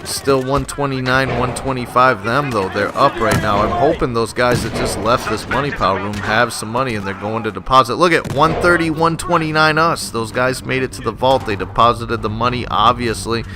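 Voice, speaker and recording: A man's voice: mid-range voice, moderate pace, over music. A man, host of a gaming channel, talking casually over his own gameplay and swearing freely. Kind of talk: gameplay commentary.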